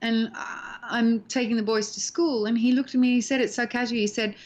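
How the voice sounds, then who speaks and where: A middle-aged woman, a guest actress, telling stories in a chatty, animated way in a casual interview from home. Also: fairly high pitch, fairly quick. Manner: chatty, animated storyteller, laughs easily. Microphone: home video call. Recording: dull lo-fi call audio.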